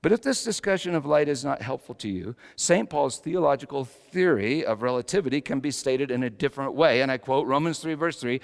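A pastor preaching a sermon, swinging between loud exclamations and hushed asides. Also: male voice, on the high side, animated, normal speed, creaky, hardly any pauses. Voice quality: slight whistle on a false tooth. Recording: long echoing hall reverb.

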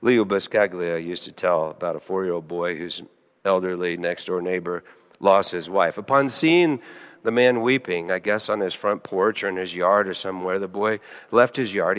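A man preaching a sermon, dropping to hushed, quiet lines and then rising sharply into loud, high emphasis. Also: normal speed, big-room sound. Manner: emotional, swings between soft hushed lines and sudden loud high emphasis. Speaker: pastor.

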